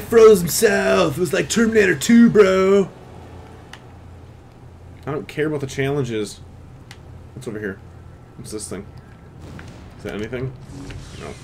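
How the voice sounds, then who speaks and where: A young man giving loud, swearing live commentary while playing a video game, often shouting at it. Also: high voice, takes it slowly, pauses often, a little hiss or hum. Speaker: gameplay streamer. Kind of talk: live let's-play commentary.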